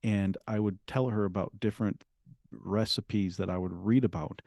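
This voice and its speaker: A middle-aged man speaks as an interview guest, recounting his past in an earnest, halting way that often restarts mid-sentence. His voice sits low and mellow. The recording is close and dry. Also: fairly even intonation, vocal fry, no echo. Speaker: guest, memoir author. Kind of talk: telling his story in an interview.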